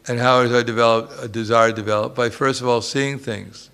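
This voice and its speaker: A man's voice: mid-range voice, steady tone, fairly quick, gravelly, a bit bright, smooth. A man giving a religious lecture as a swami, telling humorous stories and chuckling often.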